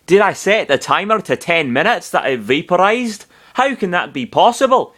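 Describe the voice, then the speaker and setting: A man's voice: sits high, very animated, normal speed, fairly bright tone, pitched above the performer's own voice, heavily acted. A man voicing a flustered, startled male anthropomorphic falcon pilot in a fan fiction reading. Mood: baffled. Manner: startled, indignant outbursts.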